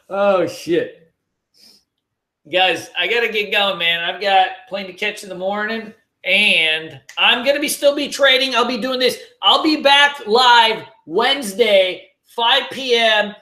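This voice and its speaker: A man with a high, bright, forceful voice speaks slowly in a reverberant space. He hosts a casual trading livestream, answering viewers in a laid-back, joking way, full of slang, frequent swearing and laughter.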